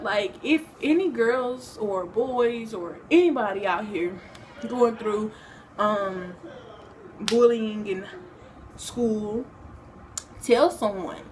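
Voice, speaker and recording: A woman's voice: fairly high pitch, a little hiss or hum. A young woman talking casually to her own vlog, rambling with many fillers and restarts. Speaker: vlogger. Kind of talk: casual personal vlog talk.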